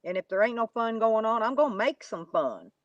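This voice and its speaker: A woman's voice: fairly high pitch, lively intonation, a little fast, no echo, dull audio. A woman, chatting casually to live viewers in a rambling, folksy, mocking way. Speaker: YouTube live streamer.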